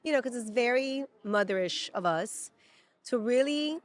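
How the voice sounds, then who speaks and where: A woman's voice: a little high, animated, a little slow, no room sound. A woman in her thirties from Peru, a native Spanish speaker, co-hosting a casual chat and talking emotionally with lots of fillers. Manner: chatty and emotional, many fillers. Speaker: podcast co-host. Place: at a theme park.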